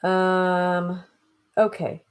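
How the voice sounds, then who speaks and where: A woman's voice: on the low side, flat delivery, extremely slow, clear, resonant tone. A woman reading a classic novel aloud and breaking off for casual, chatty asides, stumbling over old words and laughing at herself. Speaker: audiobook reader.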